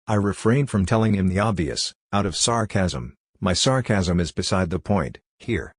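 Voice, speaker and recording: A man reading a literary novel aloud as an audiobook narrator, in a measured, reflective manner. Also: deep voice, no room sound, studio quality.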